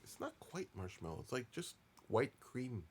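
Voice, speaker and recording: A man's voice: mid-range voice, sing-song, normal speed, slight background noise. A man co-hosting a casual stream, chatting and thinking aloud while he eats snacks. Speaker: co-host. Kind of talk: casual snack-tasting chat.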